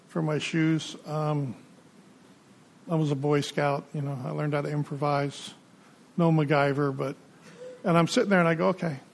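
A middle-aged man speaks as guest at a recovery meeting, spinning his story in a loose, conversational way. His voice sits a little high for a man and has a gravelly edge. He slips into the voices of the people he quotes.

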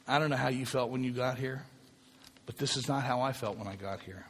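A man's voice: medium pitch, brisk, slightly rough, long reverb tail. A man giving a spiritual talk to a recovery group, speaking conversationally, often checking in with "right?" and repeating himself.

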